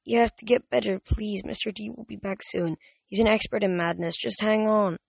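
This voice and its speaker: A man voicing a gentle, sad teenage girl in a storybook reading, soft and coaxing. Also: high voice, moderate pace, creaky, no room sound, pitched above the performer's own voice. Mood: pleading.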